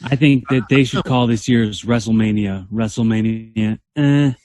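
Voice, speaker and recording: A man co-hosting a podcast, chiming in with quick jokey asides during casual wrestling chat. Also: lowish voice, a little mellow. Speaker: podcast co-host.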